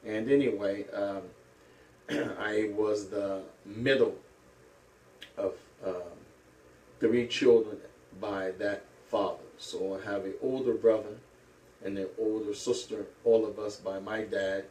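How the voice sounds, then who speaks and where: A middle-aged man from St. Louis, an Islamic teacher, telling his life story slowly with many pauses and hesitations. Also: fairly low pitch, steady tone, a little mellow, a little hiss or hum. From St. Louis, USA. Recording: echoey room, mic at a distance.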